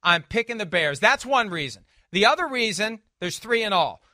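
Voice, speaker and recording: A man's voice: high voice, very animated, normal speed, pushed and bright, no room sound, studio quality. A man hosting a football picks show, delivering spreads and picks with wry, emphatic, playful jabs. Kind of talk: casual sports picks chat.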